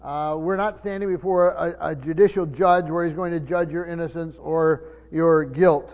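A man preaching a sermon, teaching from the Bible in a halting way with many fillers and restarts, slowing down to stress key words. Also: fairly high pitch, fairly even intonation. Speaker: pastor. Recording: muffled sermon recording in a reverberant hall.

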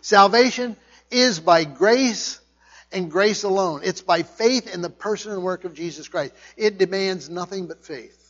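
A man's voice: high voice, measured pace, fairly bright tone, lo-fi sound. A man preaching a conversational sermon, repeating his points with emphasis. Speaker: pastor.

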